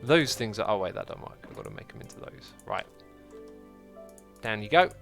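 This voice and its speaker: A man's voice: lowish voice, animated, normal speed, gravelly, fairly bright tone, soft background music. A man hosting a game livestream, chatting casually, reading viewer comments aloud and joking at his own expense. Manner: chatty, reads viewer comments aloud, self-deprecating jokes. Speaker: livestreaming gamer host.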